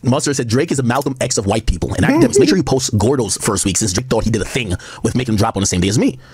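A man giving rambling, excitable live-stream commentary, full of asides and quoted conversations. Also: medium pitch, rapid-fire. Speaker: livestream commentator.

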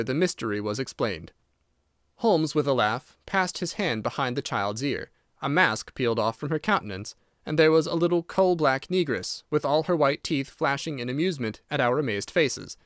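A man narrating a classic detective audiobook in a steady, unhurried reading. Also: medium pitch, dry recording, clean studio sound. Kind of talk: scripted narration.

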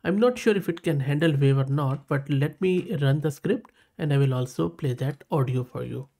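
Speaking with a South Asian English accent, this man hosts a relaxed screen-recorded tech tutorial and keeps praising what he sees as he reads the results out eagerly. His voice sits on the high side, gravelly yet mellow, at a normal speed.

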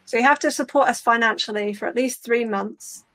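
A woman on a panel walking through practical steps in a clear, conversational way. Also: a little high, brisk, fairly bright tone, dry recording. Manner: clear, practical, step-by-step explaining. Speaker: open source community leader.

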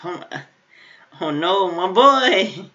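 A man hosting an anime reaction video, excitable and laughing as he talks back to the screen in casual commentary. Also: high voice, takes it slowly, highs cut off. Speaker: anime reaction channel host.

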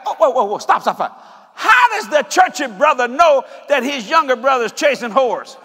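A male preacher giving a sermon in an animated, joking way, often breaking into shouts. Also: extremely high pitch, moderate pace, slightly rough, big-room sound.

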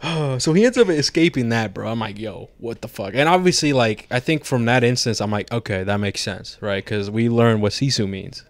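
A man co-hosting a podcast, excitedly retelling movie scenes in casual, profane chat. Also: medium pitch, fairly quick, hardly any pauses, dry recording. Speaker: podcast co-host.

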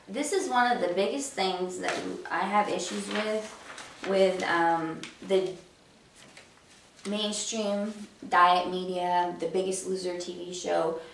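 A woman fitness coach with a gravelly, fry-tinged voice delivers a motivational talk. She fires off rhetorical questions and leans on casual "you know" fillers. She sounds a little far from the mic in an echoey room with faint ambience behind her. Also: fairly low pitch, fairly even intonation, slow, a little hiss or hum. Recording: roomy echo, mic at a distance.

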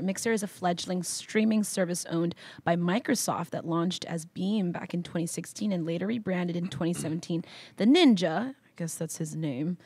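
A woman's voice: lowish voice, a little mellow, slightly rough, dry recording. A woman co-hosting a casual podcast, reading news with offhand asides. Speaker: podcast co-host.

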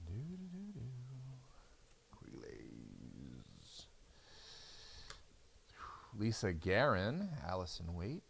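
A tired man hosts a live card break, chatting loosely as he calls out each card. His voice sits a little low, with a gravelly, creaky edge. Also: expressive, unhurried, long pauses, slight background noise. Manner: chatty, reads out card names as he opens packs. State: tired and yawning. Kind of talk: casual live stream commentary.

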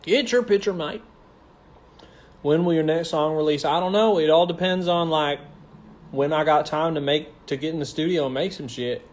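A young man with a slightly high voice chats loosely into a phone held at arm's length. He reads viewers' comments aloud and answers them with sassy, campy slang. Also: steady tone, fairly quick, a little mellow. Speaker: stage actor hosting a livestream. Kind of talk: casual livestream chat reading comments.

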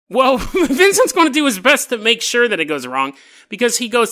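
A man's voice: very high voice, sing-song, fairly quick, bright, forceful tone. Joking podcast host man. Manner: joking, laughs often, wry asides. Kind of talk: casual storytelling podcast.

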